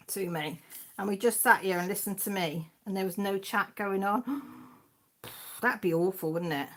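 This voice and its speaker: This is a Welsh woman in her sixties who hosts her own live stream. She chats on casually and reads viewer messages out one after another, her voice sitting at an ordinary middle pitch. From Wales. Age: 60s. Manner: chatty, rambling, reads viewer comments aloud. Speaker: channel host reading live chat.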